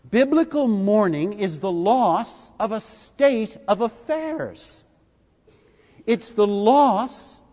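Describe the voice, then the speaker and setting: Older male preacher, high voice, deliberate emphatic sermon, echoey hall. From United States. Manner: deliberate and emphatic, with big swings in loudness.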